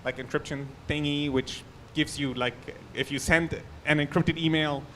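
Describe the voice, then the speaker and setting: Conference speaker, German-accented man, slightly high voice, faint hiss behind. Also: steady tone, moderate pace, bright, forceful tone. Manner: loose, chatty delivery with restarts and asides. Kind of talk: technical conference talk. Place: conference hall.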